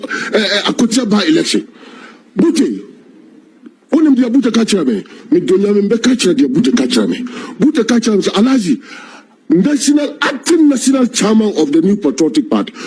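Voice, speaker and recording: Brief: Ghanaian male panelist, husky and high, swinging pitch, animated storyteller. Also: moderate pace. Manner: animated, acts out phone calls with quoted voices.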